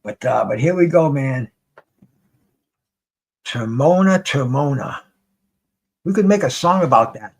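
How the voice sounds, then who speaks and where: Calling a live boxing match as a streamer, this man speaks at medium pitch in an unhurried way with frequent pauses. He's still rambling and excitable, cursing freely and often starting his sentences over.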